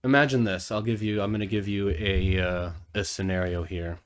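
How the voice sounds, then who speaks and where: A man's voice: low-pitched, fairly even intonation, normal speed. Man casually coaching traders. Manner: conversational, filler "okay?" tags, acts out inner voices, curses. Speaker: trading educator. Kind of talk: casual monologue to camera.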